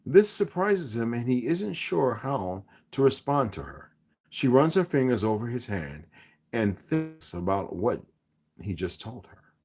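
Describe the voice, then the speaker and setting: A man reading a romance novel aloud, expressive and occasionally correcting himself. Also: medium pitch, a little slow, breathy edge. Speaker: reader.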